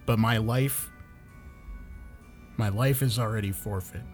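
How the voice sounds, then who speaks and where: A man's voice: lowish voice, measured pace, faint music behind. Man earnestly telling a legend in character. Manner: earnest storytelling. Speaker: player. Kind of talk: in-character tabletop game play.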